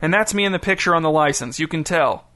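A man's voice: a little high, fast, pushed and bright. A man voicing a stern, middle-aged male roofer and father who talks in a firm, lecturing way. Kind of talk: audiobook character voice.

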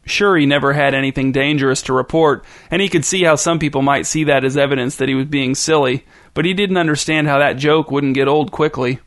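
A man's voice: fairly high pitch, fairly even intonation, a little fast, hardly any pauses, fairly bright tone. A man reading a story aloud as narrator in a dry, wry manner.

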